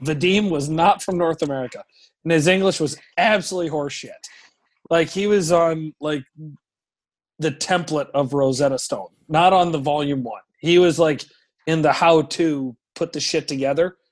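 A man in his thirties, a hockey goaltender, telling stories as a podcast guest in an animated, profane, rambling way. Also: on the high side, normal speed. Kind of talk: casual podcast storytelling.

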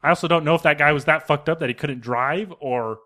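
A man with a high, bright, keen voice tells a meandering story. He talks casually and keeps circling back with fillers and false starts while co-hosting a podcast. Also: a little fast. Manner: rambling, full of fillers and restarts. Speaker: podcast co-host.

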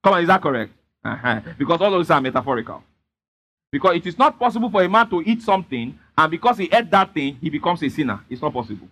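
High-voiced preacher, emphatic. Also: male voice, very animated, quick pace, fairly bright tone. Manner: emphatic, repeatedly prompting the congregation. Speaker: pastor. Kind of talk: sermon with call-and-response.

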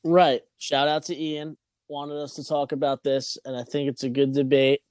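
A man co-hosting a podcast, giving brief, relaxed, profane reactions and chatting casually. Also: on the high side, moderate pace, dry recording, clean studio sound. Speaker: podcast co-host. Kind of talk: casual chat.

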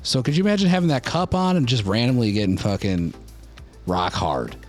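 A man co-hosting a podcast in crude casual chat, swearing freely and reacting quickly. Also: medium pitch, animated, a little mellow, faint music behind. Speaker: podcast co-host.

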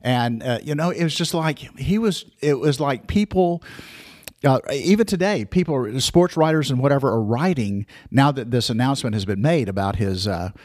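A man in his sixties telling personal memories for listeners, halting with many restarts and fillers. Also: mid-range voice, expressive, a little mellow, dry recording, clean studio sound.

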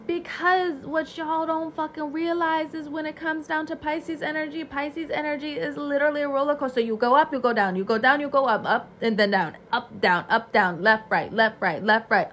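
Woman tarot reader, higher voice, loud and profane, hyped up, faint noise behind. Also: steady tone, normal speed, few pauses. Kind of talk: animated tarot reading monologue.

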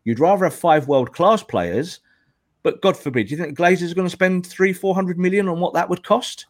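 A man's voice: high-pitched, brisk, no room sound. Emphatic man arguing football, dry sound. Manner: emphatic, argumentative, lecturing. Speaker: guest football pundit. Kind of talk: podcast football discussion.

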